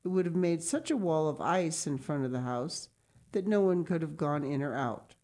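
A woman reading a children's book aloud, pausing now and then for chatty asides. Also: low voice, animated, mellow. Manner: reads slowly, stops to comment and cough. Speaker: reader.

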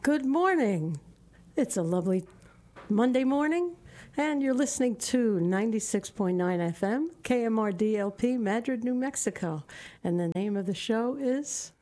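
A woman's voice: fairly high pitch, lively intonation, normal speed, mellow. A woman co-hosting a community radio show, greeting listeners cheerfully. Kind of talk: casual radio chat.

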